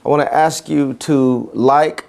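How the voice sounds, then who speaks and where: A man's voice: medium pitch, steady tone, measured pace, gravelly, darkish tone. A man giving an emphatic motivational talk to educators and telling a story.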